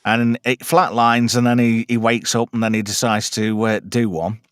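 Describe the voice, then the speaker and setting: A man's voice: mid-range voice, flat delivery, normal speed, a bit bright, smooth, no room sound, studio quality. A man hosting a casual film chat, crude jokes and many fillers. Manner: chatty, crude joking, lots of fillers. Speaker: podcast host.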